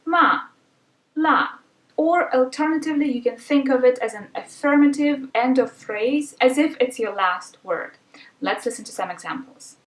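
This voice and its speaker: A woman's voice: high-pitched, normal speed, far from the mic. Woman teaching in an echoey room. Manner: clear, patient explaining. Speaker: language teacher. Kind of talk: explanatory lesson narration.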